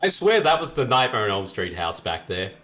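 A man chatting casually with friends while watching a movie, giving animated, exclamatory commentary. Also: on the low side, a little fast, faint music behind. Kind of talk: casual group chat over a movie.

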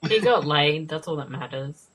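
A woman co-hosting a podcast, chatting casually over a movie, blunt and quick to swear and laugh. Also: low voice, expressive, a bit bright, slightly rough. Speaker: podcast co-host. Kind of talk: casual movie commentary chat.

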